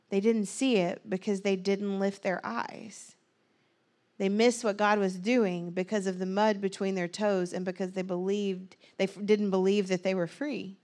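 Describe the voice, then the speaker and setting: A woman's voice: mid-range voice, darkish tone. A woman pastor preaching a conversational sermon, with frequent fillers and restarts as she tells a parable.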